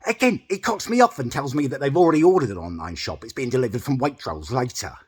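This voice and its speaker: A man's voice: medium pitch, expressive, fast, husky. A man telling an exasperated, sweary comic story to camera in a self-important way. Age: adult, older than mid-twenties. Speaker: storytelling host.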